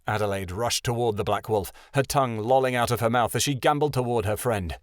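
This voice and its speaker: A man narrating a fantasy audiobook in an expressive reading style. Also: medium pitch, a little fast, dry recording, clean studio sound.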